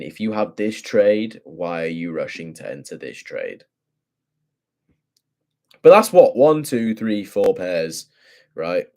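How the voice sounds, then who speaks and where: A man's voice: sits low, darkish tone. A young man casually talking through forex charts, thinking aloud in profane, slangy speech. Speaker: forex trader.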